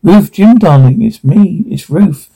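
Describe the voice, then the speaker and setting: A man reading the part of a tender, soothing young woman, softly. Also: sits high, lively intonation, measured pace, vocal fry, husky, full character voice, low-quality recording.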